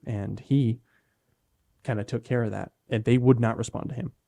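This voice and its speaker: A young man co-hosting a podcast, telling a story in relaxed, self-deprecating casual chat. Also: mid-range voice, moderate pace, creaky. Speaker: podcast co-host.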